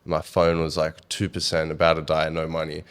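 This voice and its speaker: A man's voice: a bass voice, completely flat delivery, moderate pace, smooth. A young man from Australia, a jiu-jitsu athlete, telling stories in a laid-back casual chat and laughing often. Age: young adult.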